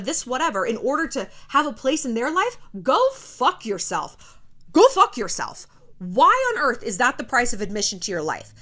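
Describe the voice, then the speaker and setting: A woman's voice: a little high, a bit bright. A woman in her thirties hosting a casual motivational vlog, blunt and profane. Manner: blunt and profane, pep-talk tone. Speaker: YouTube host. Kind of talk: casual motivational talk to camera.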